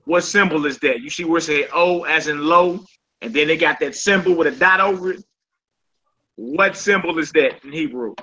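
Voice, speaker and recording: Bright-voiced man teaching a class. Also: fairly high pitch, moderate pace, rough recording. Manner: informal, repeats "you know what I'm saying".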